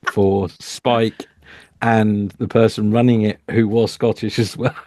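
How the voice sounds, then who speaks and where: A man telling a story after a tabletop game, halting and with dry humour. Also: fairly low pitch, level tone, mellow, no echo. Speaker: player.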